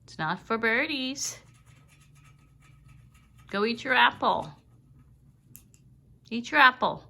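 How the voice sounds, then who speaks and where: A woman talks slowly to her pet bird and her viewers, firm "no"s mixed with sing-song baby talk. Her voice is bright and clear, and she takes her time over each phrase. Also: on the high side, animated. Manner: scolding firmly, then cooing in baby talk. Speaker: pet owner filming her parrot. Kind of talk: casual vlog talking to a pet and viewers.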